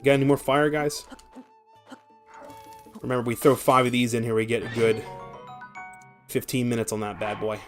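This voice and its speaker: A man's voice: medium pitch, moderate pace, pauses often, soft background music. A young man streaming a game, telling long rambling stories with lots of swearing and filler. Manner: rambling, profane, animated storytelling. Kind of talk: casual gameplay chat and storytelling.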